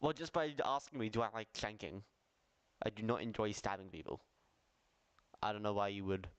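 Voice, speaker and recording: A man's voice: on the low side, brisk, smooth, lo-fi sound. An Australian man chatting casually as a streamer reacting to videos, laughing easily and making puzzled asides.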